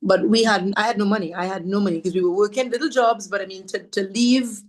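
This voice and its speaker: A woman's voice: medium pitch, quick pace. Woman, podcast guest, heartfelt storytelling, earnest, repeats herself for emphasis. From Trinidad. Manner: devout, speaks of faith warmly.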